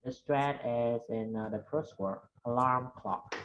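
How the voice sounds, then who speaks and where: An English student answering questions in a lesson, hesitant with many pauses. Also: medium pitch, muffled recording, a little hiss or hum.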